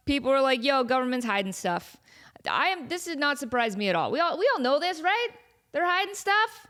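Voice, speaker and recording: A woman's voice: high-pitched, a bit bright. A woman hosting her own podcast, chatting casually in a playful, self-mocking way with rambling asides. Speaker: podcast host. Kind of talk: casual solo chat.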